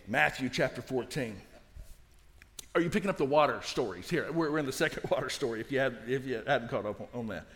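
A man preaching a sermon as a guest pastor, swinging from soft passages to shouting. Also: fairly high pitch, lively intonation, fairly quick. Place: church sanctuary. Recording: reverberant church hall.

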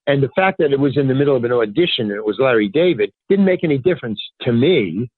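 An older man, a stand-up comedian, spins anecdotes in a lively, swooping delivery with a husky edge. He slips into other people's voices as he tells them. The sound is dry and thin, like a phone line. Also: medium pitch, fast, no echo. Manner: animated, acts out other people's lines in raised voices. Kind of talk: casual anecdotal storytelling in an interview.

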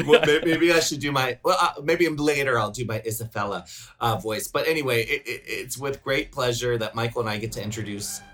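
A man's voice: medium pitch, a little fast, a bit bright. A middle-aged man hosting a podcast in casual chat, chatty and playful, laughing often and teasing his co-host.

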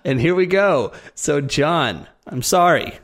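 A man's voice: fairly high pitch, expressive, slow, fairly bright tone. A man co-hosting a casual podcast, joking at his own expense, then reading a listener's question aloud. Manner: jokey, laughing, self-deprecating. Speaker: co-host.

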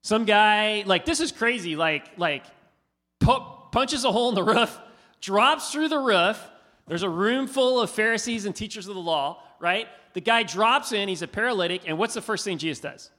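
A man preaching a sermon, asking his listeners questions in an animated, conversational way. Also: high-pitched, normal speed. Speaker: pastor. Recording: hall reverb.

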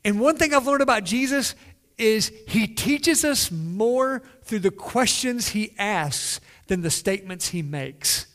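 A man's voice: high-pitched, lively intonation, unhurried, fairly bright tone. A man preaching a sermon in a conversational way, asking the listeners questions and acting out quoted lines. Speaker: pastor.

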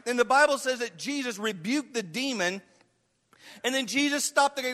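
High, bright-voiced impassioned preacher man. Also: lively intonation, normal speed, long reverb tail. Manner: impassioned, acts out voices of the people in the story. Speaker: pastor. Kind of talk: sermon.

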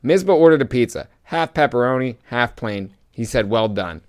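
A young man co-hosting a casual chat, rambling through animated stories with swearing. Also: medium pitch, moderate pace. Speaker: podcast co-host.

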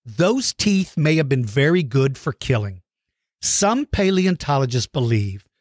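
Lively man explaining to viewers. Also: on the high side, no echo, studio quality. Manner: animated, speculative, asks rhetorical questions; addresses viewers directly. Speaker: science educator.

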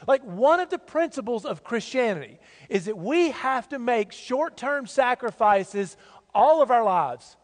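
High-voiced man preaching in echoing church. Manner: conversational, folksy storytelling. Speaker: pastor. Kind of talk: sermon. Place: church sanctuary. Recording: long reverb of a church hall.

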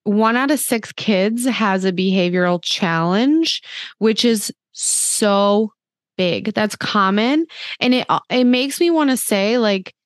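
A woman in her thirties hosts a podcast conversation in an earnest, chatty way, tossing in "like" often. Her voice sits at an ordinary middle pitch. The recording is close and dry, with no room sound. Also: animated, unhurried, no echo. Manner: earnest, chatty, many "like" fillers. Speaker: podcast host. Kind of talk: casual podcast chat.

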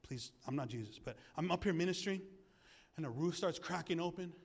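A male pastor preaching a sermon in a church, animated and jokey, asking the congregation questions. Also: on the high side, brisk, gravelly, slightly rough.

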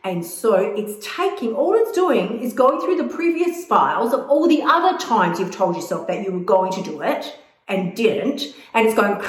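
A woman's voice: fairly high pitch, sing-song, normal speed. A woman coaching viewers on weight loss in blunt, emphatic, casual talk that swears freely. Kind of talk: casual direct-to-camera advice. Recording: echoey room.

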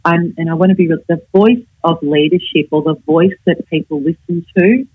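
An older woman, a communication coach, explaining her advice in a measured, instructive way in a casual interview. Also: on the low side, husky, no room sound, phone-quality sound.

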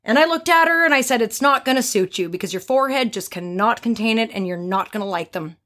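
A woman who works as a hairstylist, telling a story on a podcast in a blunt, animated way and swearing freely. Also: fairly high pitch, fast.

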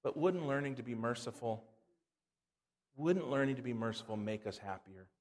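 A man who is a pastor, preaching a sermon, reading scripture in a low soft voice and telling anecdotes with laughter. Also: moderate pace. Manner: animated storytelling, laughs at his own anecdotes.

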